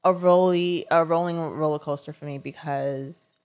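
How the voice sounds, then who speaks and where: A young woman co-hosting a casual podcast, her voice sitting somewhat low. She tells her story in an animated, chatty way, full of "like" fillers. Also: moderate pace. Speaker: podcast co-host.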